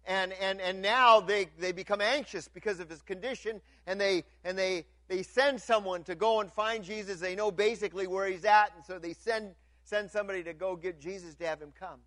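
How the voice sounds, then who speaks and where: A man preaching a sermon as pastor, repeating words as he restarts and moving from loud, lifted passages to hushed ones. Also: high-pitched, brisk, hardly any pauses, no room sound.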